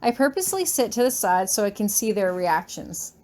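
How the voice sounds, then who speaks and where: A woman reading first-person fan fiction aloud in a lively, chatty, expressive way. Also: medium pitch, fairly quick. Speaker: reader.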